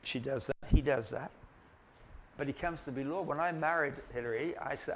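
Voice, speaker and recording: A man gives a Bible lecture in a relaxed, conversational way. His voice sits at an ordinary middle pitch, and he often pauses and restarts mid-sentence. He slips in gentle jokes at his own expense. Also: slight background noise. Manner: conversational, with gentle self-deprecating humor. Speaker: Bible teacher.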